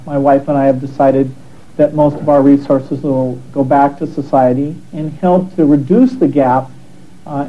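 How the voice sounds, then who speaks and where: Male interviewee, somewhat high voice, hesitant and measured, thin phone-like audio. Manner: measured, with frequent uh fillers. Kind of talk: recorded interview clip. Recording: tinny phone-like broadcast audio.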